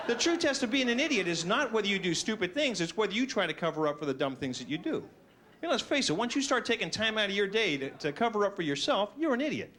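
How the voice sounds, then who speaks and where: A man doing a stand-up routine, self-mocking and animated, slipping into silly voices. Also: high-pitched, fast talker. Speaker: stand-up comedian.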